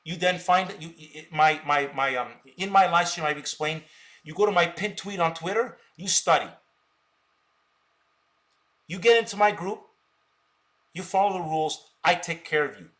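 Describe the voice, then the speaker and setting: A man's voice: fairly high pitch, moderate pace, long pauses, a bit bright. Ranting, stammering man on a live stream. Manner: combative, ranting at viewers with repeated stammered words. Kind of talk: unscripted live stream talk.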